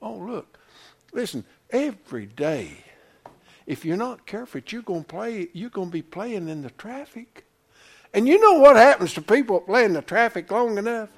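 High, lively folksy preacher man. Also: normal speed, breathy edge. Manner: folksy, calls congregation "honey", swings from loud to hushed. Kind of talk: sermon. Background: congregation responses.

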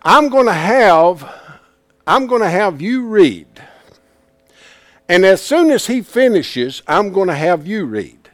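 A man teaching a Bible class in a folksy, plain-spoken way, swinging from hushed asides to loud emphasis. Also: high-pitched, big pitch swings, slow pace, pauses often, no echo.

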